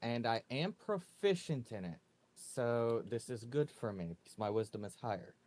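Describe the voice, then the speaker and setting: A man playing a tabletop game, calmly describing his character's actions. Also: medium pitch, moderate pace. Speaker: player.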